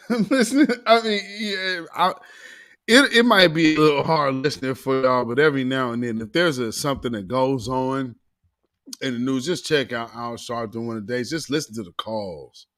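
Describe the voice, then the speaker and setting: A man's voice: medium pitch, moderate pace, fairly bright tone. A man hosting a talk show, delivering an opinionated monologue with emphatic sarcasm and calling his listeners family.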